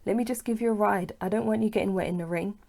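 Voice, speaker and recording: A woman's voice: mid-range voice, fast talker, creaky, warm tone. A woman reading as a smug, pushy young man. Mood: persuasive.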